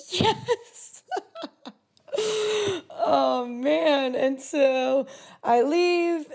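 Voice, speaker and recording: Young woman podcast host, slightly high voice, swears freely and laughs through her casual storytelling. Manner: profane, animated, laughing storyteller.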